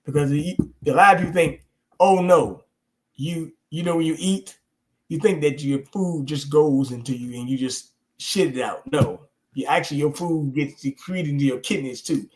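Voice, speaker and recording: A man hosting a livestream chat, telling stories in an animated way, swearing and laughing. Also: fairly high pitch, moderate pace. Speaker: show host. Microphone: streaming call.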